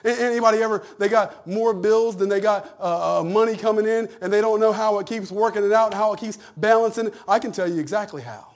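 A man preaching a humorous, animated sermon, jumping from loud punchlines to hushed asides. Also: high-pitched, fairly quick, hardly any pauses. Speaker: pastor.

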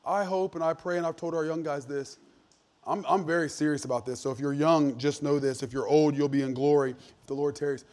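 A man's voice: fairly high pitch, steady tone, brisk, a little mellow. A man, preaching a sermon as pastor in an earnest, emphatic, conversational way with frequent restarts. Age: 40s.

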